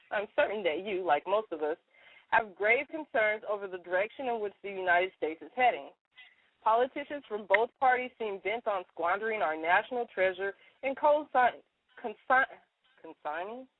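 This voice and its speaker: A woman's voice: medium pitch, dry recording. A woman co-hosting a casual radio chat, calling in from her car and talking in an indignant, ranting way. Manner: indignant, ranting, talks fast. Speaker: co-host. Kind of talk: casual radio chat, reading a letter aloud. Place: in a parked car. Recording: tinny dry phone line.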